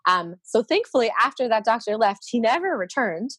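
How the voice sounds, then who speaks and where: A woman's voice: fairly high pitch, a little fast, breathy edge, no room sound. A woman guest chatting casually, telling a story with lots of laughter and acting out what others said. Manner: animated, laughs often, acts out quoted voices. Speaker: podcast guest.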